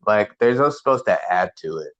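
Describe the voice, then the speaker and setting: A man's voice: on the low side, lively intonation, normal speed, fairly bright tone, dry recording. A man co-hosting a casual podcast, talking in a laid-back, rambling way and swearing casually. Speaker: podcast co-host. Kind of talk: casual chat. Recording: dull lo-fi, dry sound.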